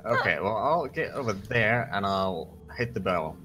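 A man's voice: fairly low pitch, animated, a little slow, background noise. A man playing in a tabletop game, hesitant and plain as he checks the rules. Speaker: player. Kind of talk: casual tabletop game chat.

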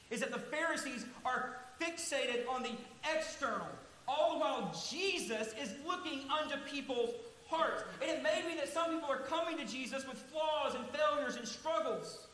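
A man's voice: very high-pitched, fairly bright tone. Man, pastor, sermon, earnest emphatic delivery, stretched-out key words, long church reverb. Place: large church sanctuary. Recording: echoey hall, faint hiss.

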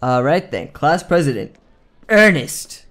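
A young man commenting on a video game as he plays, excitable and joking, with plenty of swearing. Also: a little high, takes it slowly. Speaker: gaming video host. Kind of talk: let's play commentary.

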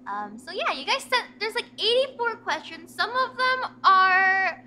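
A woman's voice: very high voice, very animated, unhurried, pushed and bright, a little hiss or hum. A woman hosting a stream in casual chat with a guest, chatty and often breaking into giggles mid-sentence. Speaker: streamer host.

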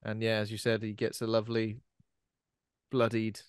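A man's voice: lowish voice, completely flat delivery, normal speed, clean tone, dry recording, clean studio sound. A man co-hosting a podcast, talking casually and playfully about a film, often riffing. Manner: playful, riffs with silly put-on quotes. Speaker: podcast co-host. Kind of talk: casual film review chat.

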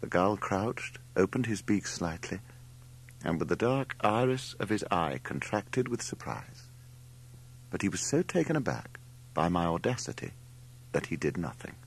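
Male narrator, deep and husky, expressive wry storytelling. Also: normal speed. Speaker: audiobook narrator. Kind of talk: scripted narration.

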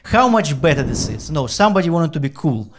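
Sarcastic swearing stand-up comic. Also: male voice, a little high, very animated, a little fast, slight background noise. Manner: irritated sarcastic rant, heavy swearing. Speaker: stand-up comedian. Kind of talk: stand-up routine.

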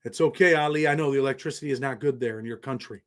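A man's voice: medium pitch, rapid-fire. An American man hosting a livestream, chatting loosely with viewers in slang and answering their comments. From United States. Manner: loose, slangy, talks straight to chat. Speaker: livestream host. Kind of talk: casual livestream chat reading viewer comments.

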